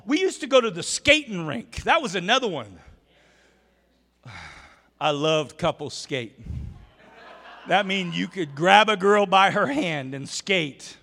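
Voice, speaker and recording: A man's voice: sits high, very animated, slow pace, creaky, long pauses, bright, forceful tone. A man preaching a sermon in a church, telling folksy stories and joking with the congregation. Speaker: pastor. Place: church sanctuary. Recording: long reverb of a church hall.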